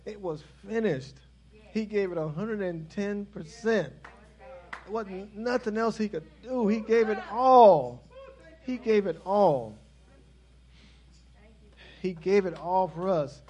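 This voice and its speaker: Preacher man, high-pitched, emphatic repetitive sermon delivery. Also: slow, pauses often, highs cut off. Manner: intense and rising, then softening.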